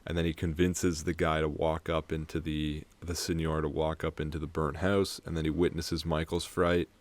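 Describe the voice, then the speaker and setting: A man's voice: extremely low pitch, little pitch movement. A young man co-hosting a podcast, casually recapping a film, rambling and swearing freely. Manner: rambling, swears freely, acts out scenes in quick put-on voices. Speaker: podcast co-host.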